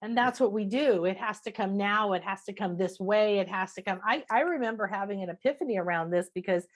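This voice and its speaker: A woman spiritual teacher and author, a guest talking in a casual interview, animated and emphatic, repeating phrases and acting out people's inner voices. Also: medium pitch, fairly quick. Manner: animated, acts out inner voices and self-talk.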